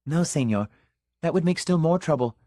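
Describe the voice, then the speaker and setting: A man's voice: on the high side, lively intonation, moderate pace, no room sound, clean studio sound, pitched above the performer's own voice, lightly acted. Sly young servant, raised, matter-of-fact delivery , voiced by a male narrator. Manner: quiet, matter-of-fact, thinly amused.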